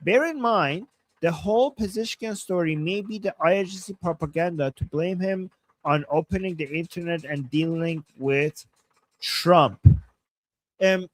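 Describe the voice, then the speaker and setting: A man's voice: sits high, fairly bright tone. A man co-hosting a live political stream, weighing ideas carefully and reading viewer messages aloud. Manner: thoughtful, hedging, reads messages aloud. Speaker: co-host reading viewer super chats.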